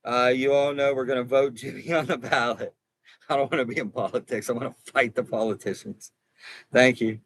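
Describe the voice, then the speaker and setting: Broadcasting a casual livestream from inside an RV, a man who works as a consumer advocate speaks earnestly to viewers, rambling and restarting or repeating phrases. His medium-pitched voice is fairly quick, fairly even and a bit bright, on a rough recording with a little hiss or hum.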